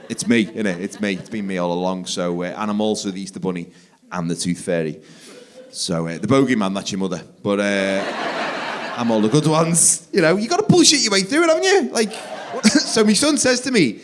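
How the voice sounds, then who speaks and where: A man, doing live stand-up comedy on a theatre stage and leaping into loud shouted voices for his kids. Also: fairly low pitch, very animated, a little fast. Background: audience laughter.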